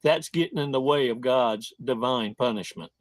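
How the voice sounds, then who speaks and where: A man's voice: mid-range voice, moderate pace, dry recording. A man hosting a casual monologue in a folksy, slangy manner, stretching words out for emphasis. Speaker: host.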